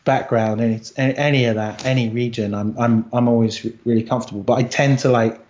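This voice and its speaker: A man's voice: medium pitch, fairly even intonation, fairly quick, darkish tone, lo-fi sound. A middle-aged British man from the Isle of Wight, talking casually and thoughtfully as an interview guest, with fillers and restarts. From Isle of Wight, England. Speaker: guest, agency co-founder.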